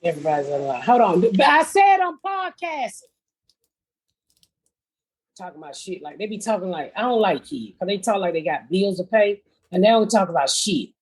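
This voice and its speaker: A woman's voice: lowish voice, expressive, fast talker, darkish tone, husky. A middle-aged woman hosting a podcast, telling blunt, profane comedic stories in casual chat.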